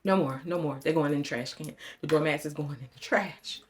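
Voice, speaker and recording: A bit of hiss or hum sits under this middle-aged woman's low-pitched, fairly quick voice as she chats casually to her vlog viewers. Visibly shaken, she trembles while dramatically telling a story with repeated phrases.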